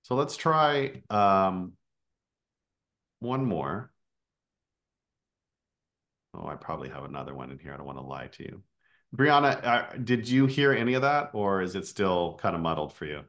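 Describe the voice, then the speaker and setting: A man's voice: low-pitched, very animated, normal speed, pauses often, a bit bright. A man coaching speakers in a casual online session, explaining with filler words.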